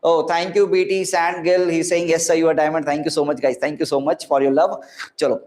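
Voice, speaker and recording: Brief: man, 30s, Indian accent, high-voiced cheerful online physics teacher, echoey room. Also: little pitch movement, fairly quick, darkish tone. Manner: chatty, encouraging, mixes Hindi words into English. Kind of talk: live online class talking to students.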